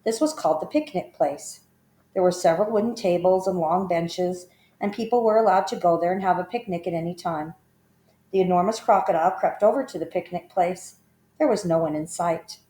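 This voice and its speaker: Expressive woman reading a children's story. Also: lowish voice, a little fast. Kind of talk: children's story read aloud. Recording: roomy echo.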